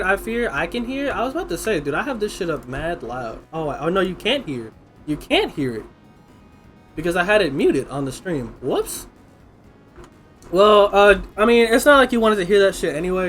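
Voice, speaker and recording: A woman streamer giving casual, profane, excitable commentary packed with fillers while she plays. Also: fairly low pitch, normal speed, soft background music.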